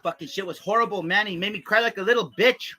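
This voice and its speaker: Young guy, crude improv storyteller, heavy cursing, rambling, bright tense edge to the voice. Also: sits high, fast talker. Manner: crude, rambling, heavy profanity, constant filler "man". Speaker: comedy vlogger.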